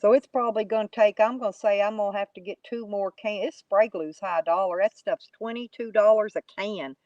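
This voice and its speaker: Brief: woman streamer, rambling and folksy, mid pitch, dry muffled mic. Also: steady tone, a little fast, darkish tone, no room sound. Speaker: YouTube live streamer. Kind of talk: casual chat to live viewers.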